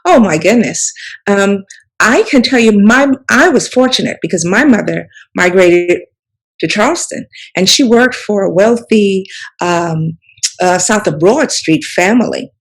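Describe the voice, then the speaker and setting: A woman's voice: mid-range voice, animated, a little slow, rough recording. A woman, reminiscing in a rambling interview style full of "you know" and restarts. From South Carolina Sea Islands. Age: 70s. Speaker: author and storyteller guest.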